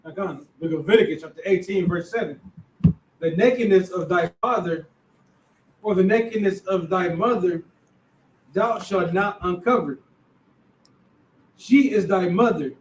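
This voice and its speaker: A man in a Bible class reading scripture aloud and chatting in a relaxed, rambling way. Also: high-pitched, unhurried, long pauses. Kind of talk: scripture reading and casual chat. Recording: echoey room, far from the mic.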